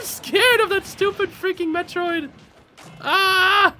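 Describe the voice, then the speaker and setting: A young man live-streaming a game, commenting casually and yelling and laughing at the action. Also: very high voice, drawn-out words, long pauses, soft background music. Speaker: streamer playing online matches.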